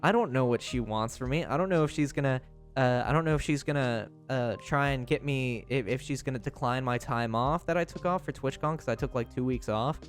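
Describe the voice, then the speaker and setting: A man's voice: mid-range voice, fairly quick, faint music behind. A young man livestreaming, telling a story in casual chat, rambling with lots of fillers and restarts.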